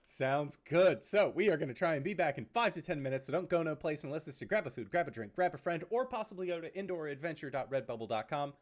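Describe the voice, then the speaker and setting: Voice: medium pitch, animated, fast talker, few pauses. A show regular announcing the break in playful, upbeat patter.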